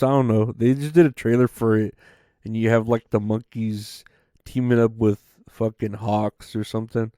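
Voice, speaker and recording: A man's voice: medium pitch, mellow, smooth, no echo, studio quality. A man hosting a solo podcast, rambling and swearing in a sarcastic, offhand way. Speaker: podcast host. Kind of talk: casual solo podcast rant.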